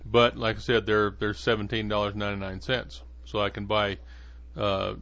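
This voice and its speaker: A man's voice: on the low side, flat delivery, normal speed, a bit bright, no echo. A man hosting a podcast in a casual monologue, rambling along with many fillers and restarts. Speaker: podcast host. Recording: dull lo-fi dry sound.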